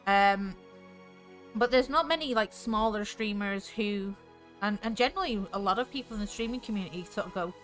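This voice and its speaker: A woman's voice: medium pitch, fairly quick, fairly bright tone, faint music behind. A woman from north Wales with a North Welsh accent, chatting casually on stream in a rambling way, full of fillers. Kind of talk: casual chat.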